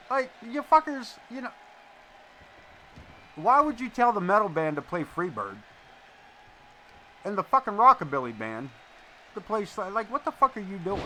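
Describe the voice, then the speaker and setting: A high-pitched, bright, forceful voice does live wrestling play-by-play, with a little hiss or hum on the recording. The commentator mixes the calls with chatty, blunt, profane stories.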